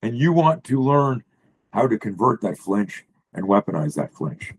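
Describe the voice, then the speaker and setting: A man, a self-defense coach, explaining drills while sharing slides on a video call, blunt and profane in an animated way. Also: lowish voice, measured pace, slight background noise, rough recording.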